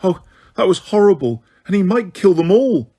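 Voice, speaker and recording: A man's voice: a little high, animated, normal speed, breathy edge. A man voicing a frightened, clever teenage girl in an audiobook, pleading in a breathless, anxious way.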